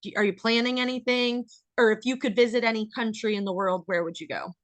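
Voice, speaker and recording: A woman hosting a podcast, chatting in a bubbly, lively way and laughing often. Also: on the high side, quick pace, no room sound. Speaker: podcast host. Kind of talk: casual interview chat.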